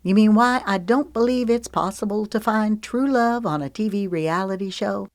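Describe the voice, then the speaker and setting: A woman's voice: mid-range voice, moderate pace, no echo, clean studio sound, pitched above the performer's own voice, lightly acted. Woman voicing Lexi, wry young woman. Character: guarded young woman, reality show contestant.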